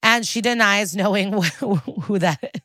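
An unhurried, medium-pitched woman co-hosts a podcast and chats casually through a TV episode, acting out characters' lines with plenty of swearing. The sound is dry and clean, as in a studio.

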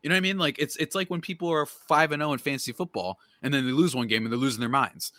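A man's voice: fairly high pitch, fast talker, no room sound. A young man ranting animatedly in a casual sports chat as a podcast guest. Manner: animated ranting, mock voices.

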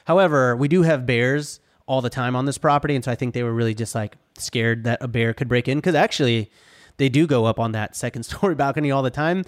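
A man talking casually on a podcast, telling stories about his rental cabins. He is animated and filler-heavy, slipping into the voices of guests and workers as he goes. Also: mid-range voice, fast talker. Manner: animated, says dude and like a lot, acts out quotes. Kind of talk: casual chat, storytelling.

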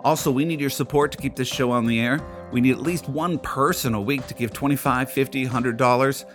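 A man's voice: mid-range voice, steady tone, brisk, fairly bright tone, soft background music. Fired-up, emphatic preaching man. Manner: emphatic, preachy, rhetorical questions. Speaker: podcast host and pastor. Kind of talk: fired-up spoken monologue.

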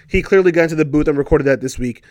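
A man giving casual, sarcastic opinion commentary as a wrestling show reviewer, exasperated and animated as he tells the story. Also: fairly high pitch, racing, no echo.

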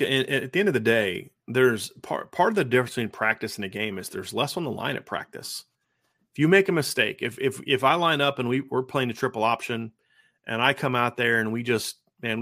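A man's voice: medium pitch, pushed and bright, dry recording. Emphatic man talking football, dry close sound. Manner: emphatic, often restarts sentences. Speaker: football podcast co-host. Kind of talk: casual sports analysis chat.

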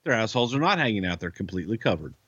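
A man's voice: on the low side, big pitch swings, rapid-fire, fairly bright tone, slightly rough, no echo, lo-fi sound. A man co-hosting a casual podcast chat, blunt, swearing freely, with lots of fillers and restarts. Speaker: podcast co-host, wrestling insider.

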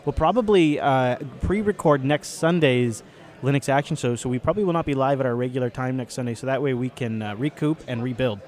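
A man's voice: medium pitch, brisk, darkish tone. A man hosting a podcast live from a tech convention, chatting loosely and joking around. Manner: joking, loose, laughs often. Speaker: podcast host. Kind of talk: casual live show banter.

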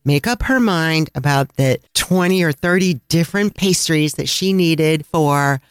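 A man with a Chicago accent, co-hosting a travel podcast and telling a lively anecdote with frequent laughs. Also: on the high side, unhurried, clear, resonant tone, dry recording, studio quality. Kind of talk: casual storytelling chat.

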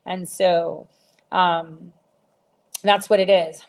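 A woman's voice: fairly low pitch, fairly even intonation, drawn-out words, darkish tone. Blunt, profane woman ranting casually. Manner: blunt, profane, rambling with many fillers. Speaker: livestream host answering viewers. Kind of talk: casual rant to viewers.

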